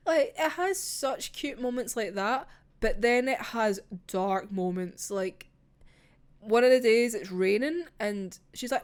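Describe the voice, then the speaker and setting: A young Scottish woman chatting casually about a manga in an animated, gushing way, swearing freely. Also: a little high, normal speed. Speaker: manga reviewer. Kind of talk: casual chat.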